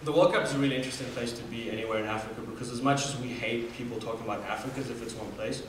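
A man's voice: medium pitch, steady tone, very fast, a little hiss or hum. Young man, echoey hall, far off. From Namibia. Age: 20s. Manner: earnest storytelling with fillers and restarts. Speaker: student speaker. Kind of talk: personal story talk.

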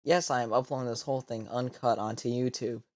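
A man's voice: mid-range voice, fairly even intonation, fairly quick. A man hosting an online drawing-game session with friends, talking in a dry, hesitant, teasing way over voice chat. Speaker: host. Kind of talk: casual chat while playing a drawing game.

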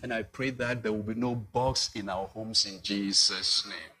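A man's voice: fairly low pitch, steady tone, unhurried, few pauses, sharp tone, poor audio. A male pastor preaching a sermon, building to emphatic swells and asking the congregation rhetorical questions.

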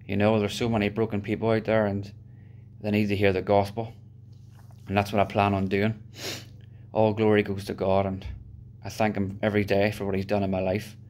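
A man from Northern Ireland giving a heartfelt personal testimony in a steady way, with occasional fillers. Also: fairly low pitch, fairly quick. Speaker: testimony speaker.

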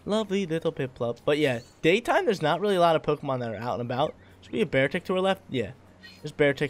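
A man narrates his gameplay in a hyped, casual way, full of slang and easy laughs. His voice sits a little higher than most men's. Faint game music plays quietly behind him. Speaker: gameplay commentator.

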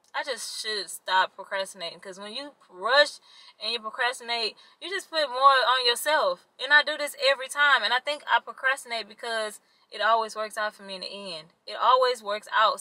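A woman's voice: mid-range voice, bright, forceful tone, no room sound, poor audio. A young woman, chatting casually to the camera in a vlog and complaining to her viewers. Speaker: vlogger.

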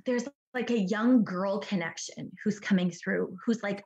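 A woman's voice: medium pitch, unhurried, darkish tone, echoey room, lo-fi sound. A woman from British Columbia, giving a chatty psychic reading over a video call, full of "like" and "do you understand that?". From British Columbia, Canada. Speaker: psychic medium.

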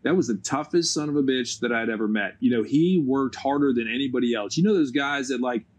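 A man's voice: medium pitch, a little fast. A man, a former Navy SEAL guest, telling profane, funny stories from his service in a casual chat. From United States. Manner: profane, laughing storyteller. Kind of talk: casual storytelling.

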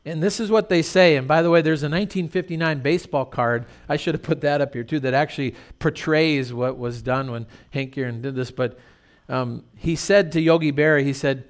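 A man's voice: a little high, a little fast, few pauses. Storytelling male preacher. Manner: storytelling, conversational with rhetorical questions. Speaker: pastor. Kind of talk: sermon.

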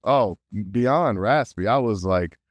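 Animated man telling stories, dry sound. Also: on the low side, slow, no room sound. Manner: animated, laughs often, acts out quotes. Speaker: voice actor guest. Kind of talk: casual interview storytelling.

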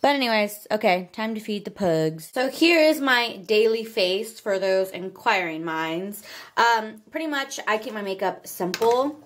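A young woman with a drawl chatting casually through a home vlog, rambling with lots of fillers and switching to a high cooing voice for her pets. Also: lively intonation, a little slow, fairly bright tone. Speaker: vlogger.

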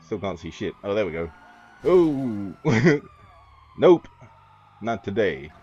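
In dull lo-fi audio with faint hiss, a gaming YouTuber rambles through a driving game with joking, freely profane let's-play commentary. His fairly low voice is husky and a little mellow, with big pitch swings and a slightly slow pace.

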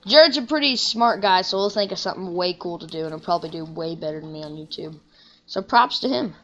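A young woman giving rambling, casual commentary while playing a video game, breaking into excited shouts now and then. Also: on the low side, fast talker, lo-fi sound. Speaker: gaming channel host.

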